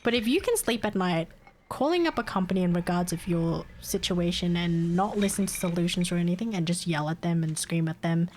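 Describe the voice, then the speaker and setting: A woman's voice: fairly low pitch, a little mellow. A young woman, chatting casually on a live stream, venting in exasperation, laughing often and swearing.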